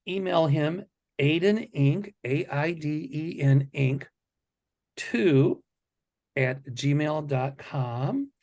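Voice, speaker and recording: A male psychic host chatting in a relaxed way, with a gravelly edge to his voice. He slows down to stress key words one at a time and sounds sure of his forecasts. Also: on the high side. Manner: deliberate, emphatic listing of words. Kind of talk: casual chat.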